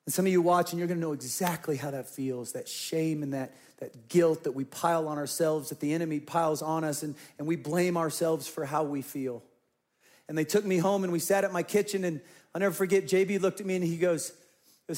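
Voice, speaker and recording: Middle-aged pastor guy telling his own story from the pulpit, earnest, kinda high-pitched. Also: fairly even intonation, fairly quick, darkish tone. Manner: earnest personal testimony, acting out his own past words. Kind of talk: sermon storytelling.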